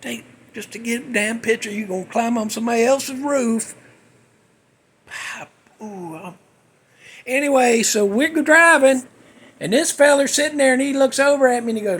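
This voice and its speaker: A man telling a funny personal story in a folksy, animated way, acting out the people in it. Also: very high voice, moderate pace, a little hiss or hum. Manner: animated, folksy, acts out quotes. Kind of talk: casual comic storytelling.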